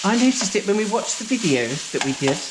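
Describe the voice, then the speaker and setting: A man's voice: high-pitched, very animated, a little fast, noisy background. A man playing a posh lady co-hosting a comic cooking show in a home kitchen, dry and teasing, calling everyone darling. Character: posh middle-aged lady, dry sidekick cook.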